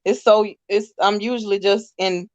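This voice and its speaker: A woman's voice: mid-range voice, fairly even intonation, normal speed, dry recording. A woman appearing as a guest on a casual live podcast, teasing the host in playful banter. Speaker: guest, interviewer of her own show. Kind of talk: casual live-stream chat. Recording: dry muffled lo-fi stream audio.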